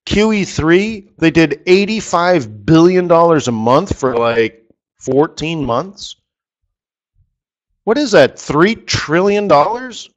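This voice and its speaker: A man's voice: fairly high pitch, big pitch swings, slow, lo-fi sound. Joking man coaching forex traders. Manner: chatty and joking, with rhetorical questions. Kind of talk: live webinar trading lesson.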